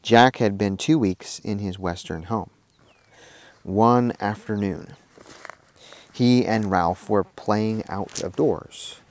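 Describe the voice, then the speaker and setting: A man, a minister, reading a children's lesson story aloud in a measured storytelling manner. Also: on the low side, darkish tone, no room sound.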